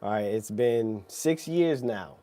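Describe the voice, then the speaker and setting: Man hosting a chat, warm mellow voice, thoughtful, keeps asking right?. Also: on the low side, expressive, takes it slowly. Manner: reflective, often adds "right?". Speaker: host. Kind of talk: casual conversation.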